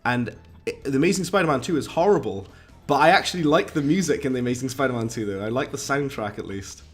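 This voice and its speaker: Casting: posh-sounding man, rambling game-stream chatter, mid-pitched. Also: quick pace, soft background music. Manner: chatty, rambling, talks to viewers. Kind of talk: casual game-stream chat.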